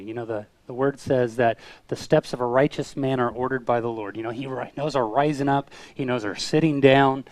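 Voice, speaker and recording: A man talking fast in a relaxed chat, animated and storytelling. He slips into the voices of the people he describes. The sound is close and dry, with no room around it. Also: mid-range voice, dry recording. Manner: animated storyteller who acts out voices in his stories. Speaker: co-host of a street evangelism web show. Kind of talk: casual chat, telling anecdotes.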